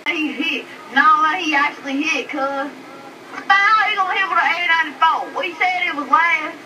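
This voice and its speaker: A man's voice: very high-pitched, moderate pace. A male gamer in voice chat, taunting and arguing in heavy slang. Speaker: online game player. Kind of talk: trash talk in game voice chat. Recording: distant noisy voice chat.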